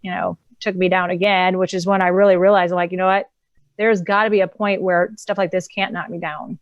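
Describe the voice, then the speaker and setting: A woman's voice: on the low side, level tone, a little fast, dry recording, highs cut off. A woman, an empowerment coach and author, telling her personal story as a guest in a casual, candid way, often laughing between thoughts.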